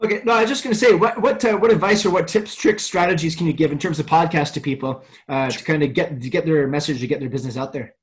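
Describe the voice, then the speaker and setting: A man's voice: a little high, fast, hardly any pauses. A man hosting a podcast interview, asking rambling questions that restart mid-way. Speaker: podcast host.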